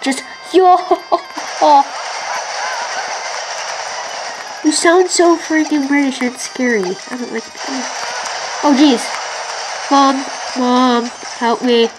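A woman host giving excitable let's-play commentary, complaining loudly at a boss fight. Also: sits high, slow, background noise. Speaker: gaming channel host. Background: video game music.

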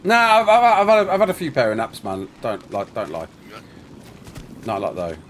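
A man streaming a game, rambling casually to his chat and to himself with quick exclamations. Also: medium pitch, wildly swooping pitch, a little hiss or hum. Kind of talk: casual live-stream chat while playing.

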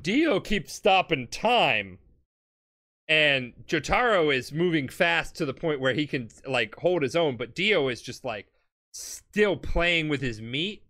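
A man's voice: a little high, expressive, bright, forceful tone. A drunk man on a comedy podcast, loosely recapping an anime plot in a rambling, sweary way and briefly acting out the characters' lines. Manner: loose, sweary, acts out characters in quick snippets.

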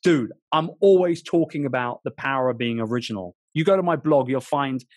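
Animated British man telling stories. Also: medium pitch, brisk, no room sound, studio quality. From England. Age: 40s. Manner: animated storyteller, frequent restarts. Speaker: author guest. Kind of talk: storytelling interview chat.

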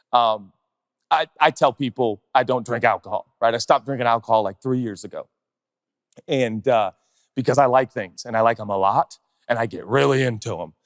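A male pastor preaching a sermon, animated and conversational, firing off rhetorical questions and chatty asides. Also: mid-range voice, no room sound, studio quality, long reverb tail.

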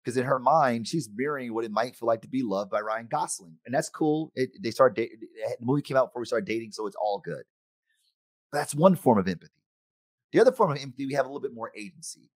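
Animated man giving a keynote. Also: medium pitch, fast, dry recording, clean studio sound. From United States. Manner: animated, acts out quoted voices of friends and himself. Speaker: conference speaker. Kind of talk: keynote talk.

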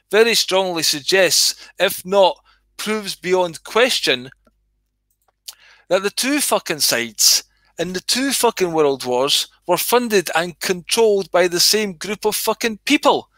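A man's voice: sits high, bright, forceful tone, dry recording. A man telling a comic story and chatting, sweary and rambling. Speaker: host reading his own comedy skit.

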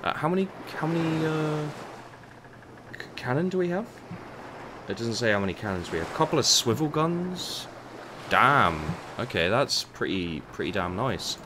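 A man's voice: mid-range voice, very animated, normal speed, noisy background. A man giving casual commentary while playing and reviewing a game, rambling and often tripping over and repeating his words. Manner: rambling, stumbles and repeats words, mutters asides.

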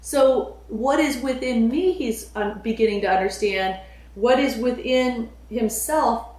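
A woman's voice: high-pitched, recorded from a distance. A woman teaching a lesson on a poem, explaining passages line by line, with fillers as she thinks aloud. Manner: explanatory, paraphrasing quoted verse with fillers. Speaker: literature teacher. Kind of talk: lecture on a poem. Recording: echoey room.

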